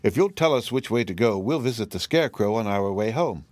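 A man's voice: fairly low pitch, lively intonation, fairly quick, darkish tone, no room sound, lightly acted. A man reading an audiobook, voicing an eager, earnest young girl.

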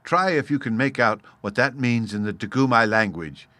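A man's voice: medium pitch, expressive, moderate pace, pushed and bright, no echo. A man reading a storybook and voicing a patient, playful caveman father who explains things step by step.

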